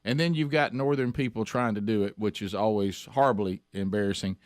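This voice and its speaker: A man's voice: on the low side, brisk, dry recording, clean studio sound. A man with a Southern American accent hosting a radio talk show, bantering and joking. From Southern United States. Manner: joking, mocking a put-on Southern drawl. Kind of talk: casual banter.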